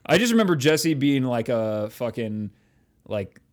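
On a casual podcast, a male co-host with a mid-range, sing-song voice rambles along unhurriedly. He swears often and trails off while searching for names.

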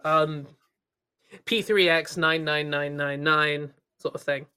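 Woman podcast co-host, casual chat, playful, jokey, bright voice. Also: deep voice, fairly even intonation, takes it slowly, clear, resonant tone. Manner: playful, jokey, recapping a story.

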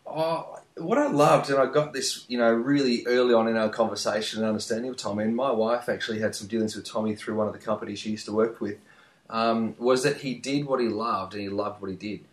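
A man's voice: fairly low pitch, brisk, reverberant. A man, chatting earnestly as a podcast co-host. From Australia. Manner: earnest, emphatic, repeats phrases. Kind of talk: casual podcast chat.

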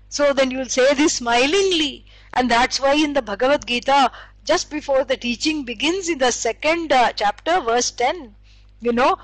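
A woman who is a spiritual teacher gives a scripture lecture, explaining with stories and acted quotes and using many fillers. Her high voice moves at a moderate pace. The recording is dry and rough.

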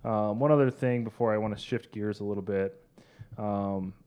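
A man's voice: fairly low pitch, fairly even intonation, moderate pace, dark tone, smooth. A man co-hosting a podcast in casual chat, rambling and self-deprecating with many fillers. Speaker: podcast co-host.

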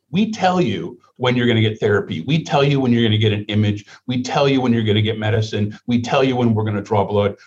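A man's voice: medium pitch, darkish tone, muffled recording. A man answering interview questions about healthcare in an emphatic, rhetorical manner, repeating his points. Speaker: healthcare leader guest.

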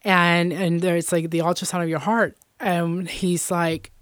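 Middle-aged woman, interview guest, earnest testimony, lowish voice, dry. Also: flat delivery, measured pace, dry recording. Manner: earnest, many fillers like "you know" and "um".

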